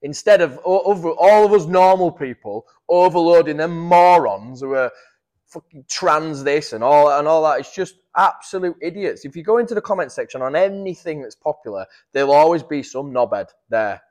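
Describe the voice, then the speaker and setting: A man's voice: fairly high pitch, animated, normal speed, a little mellow. A man co-hosting a casual podcast chat, blunt and sweary, riffing on tangents. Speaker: podcast co-host.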